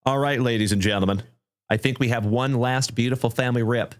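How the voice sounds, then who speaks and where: A man hosting a livestream trading card break, thanking viewers effusively and calling out cards with excitement. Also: mid-range voice, a little fast, noisy background. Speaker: live card break host.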